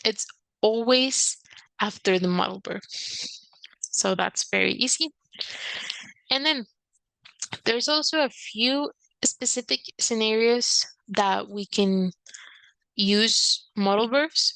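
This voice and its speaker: A woman's voice: a bit bright, clear, resonant tone, no echo, low-quality recording. A woman teaching an English grammar lesson, explaining patiently and acting out short example lines with a lifted voice. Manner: patient, acts out quoted examples with lifted pitch.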